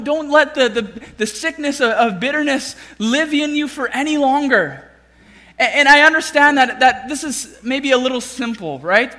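Bright-voiced pastor preaching in a hall. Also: male voice, extremely high pitch. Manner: conversational, with many restarts and tag questions. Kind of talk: sermon. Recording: long reverb of a large hall.

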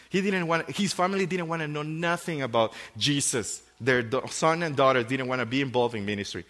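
Earnest preaching man with halting restarts. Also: mid-range voice, a bit bright, big-room sound. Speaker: pastor. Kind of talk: sermon.

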